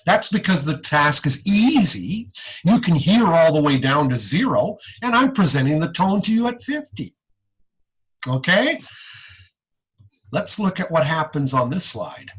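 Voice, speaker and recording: A man teaching audiology in a recorded online lecture, folksy and animated, checking in with "okay?" as he goes. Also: on the high side, measured pace, husky, muffled recording.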